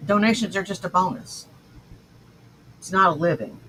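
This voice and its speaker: A woman's voice: on the low side, normal speed, fairly bright tone, slight background noise, rough recording. A woman hosting a livestream, reacting to clips with scornful, insulting commentary. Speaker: stream host reacting to clips.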